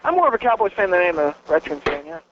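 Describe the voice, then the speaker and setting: A man co-hosting a casual wrestling talk show, excitable and fond of bragging, laughing easily. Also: high-pitched, very fast, highs cut off, noisy background. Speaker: podcast co-host.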